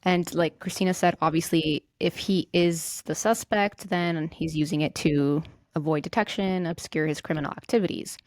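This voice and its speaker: A woman's voice: deep voice, steady tone, moderate pace, hardly any pauses, a little mellow, no room sound, studio quality. A woman hosting a podcast, narrating a true-crime case from a script, with small slips and restarts as she reads. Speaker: podcast host. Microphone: own mic on a remote call.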